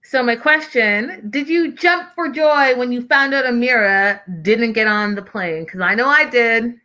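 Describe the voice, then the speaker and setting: Female host, bright tense tone, gossipy and chatty, addressing listeners. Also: a little high, measured pace. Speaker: podcast host recapping a reality show. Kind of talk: casual chat.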